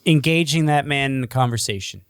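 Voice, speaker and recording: A man's voice: medium pitch, fairly quick, clean tone, no room sound, clean studio sound. A man co-hosting a podcast, bluntly teasing his co-host in casual banter and swearing often.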